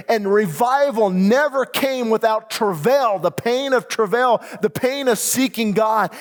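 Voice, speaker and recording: Man, American pastor, urgent sermon, high voice, long church reverb. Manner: urgent, emphatic preaching, rising to pleading prayer. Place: church sanctuary.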